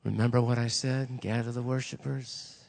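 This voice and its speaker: A male preacher voicing God as a calm, gentle male voice, hushed and low, while telling a story in a sermon. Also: moderate pace, creaky, close to an everyday voice.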